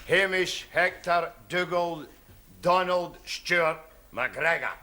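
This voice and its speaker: An actor playing a cheeky, broad-spoken Scottish student in a 1970s studio sitcom. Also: male voice, a little high, takes it slowly, very noisy. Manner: broad dialect, breezy and cheeky.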